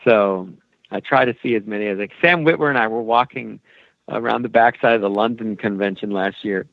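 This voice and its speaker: A man's voice: fairly low pitch, a little fast, vocal fry, dry recording, muffled recording. A man being interviewed as an animation producer, rambling and friendly with many fillers. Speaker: animation executive producer, guest. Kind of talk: casual podcast interview.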